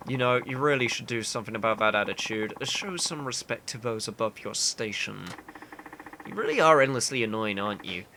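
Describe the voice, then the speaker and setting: A man voicing a whiny, haughty young male aristocrat and weapons master in a video game, with a deep voice and a condescending, scolding manner. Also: fairly quick, bright, forceful tone, slight background noise. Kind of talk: reading game dialogue aloud.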